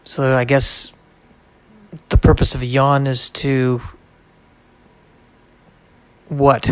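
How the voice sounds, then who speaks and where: A man's voice: mid-range voice, monotone, extremely slow, pauses often, fairly bright tone, clear, resonant tone, no room sound. A man hosting a solo podcast, reading aloud and drifting into wry, rambling asides in a casual way. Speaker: podcast host.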